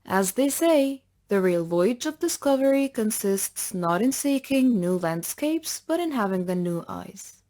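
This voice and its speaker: A woman reads a first-person story aloud in a calm, reflective way. Her voice is mellow and warm, sitting at a middle pitch. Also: unhurried, few pauses. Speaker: narrator.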